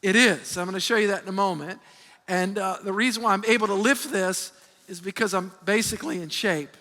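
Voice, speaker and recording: A man preaching a sermon as pastor, animated and emphatic, often restarting his sentences. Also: high-pitched, fairly quick. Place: large church hall. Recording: long hall reverb.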